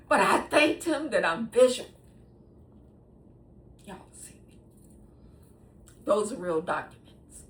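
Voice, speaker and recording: A woman's voice: mid-range voice, slow pace, pauses often, slight background noise. A woman in her sixties hosting her own show, talking straight to viewers in a casual monologue and laughing often between sentences. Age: 60s. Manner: talks straight to viewers, animated and emphatic. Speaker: host.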